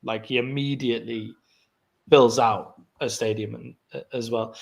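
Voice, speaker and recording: A British man co-hosting a podcast, chatting about sports in a relaxed, musing way. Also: medium pitch, moderate pace, creaky. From Britain. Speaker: podcast co-host. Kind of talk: casual sports chat.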